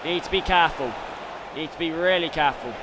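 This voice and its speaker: A young man streaming a football video game, giving his own excitable commentary that swings between frustrated rants and shouted goal calls. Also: a little high, fast, crowd noise, background noise. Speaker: gaming streamer doing self-commentary.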